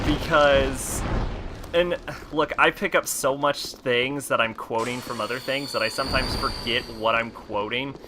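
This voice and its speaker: A man's voice: on the high side, background noise. A man streaming and chatting casually, rambling with lots of fillers and laughing easily.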